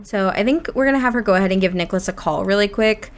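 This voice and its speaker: A woman's voice: mid-range voice, fast. A woman narrating her life-simulation game in a casual, chatty way, often restarting her sentences. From Indiana. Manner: chatty, many restarts and "you know" fillers. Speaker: Sims gameplay narrator. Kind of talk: casual gameplay storytelling.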